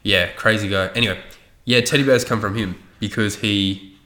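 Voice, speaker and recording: Man, low voice, casual rambling story, swearing, roomy echo. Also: steady tone, moderate pace, pushed and bright. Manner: rambling, swears often, loose with facts.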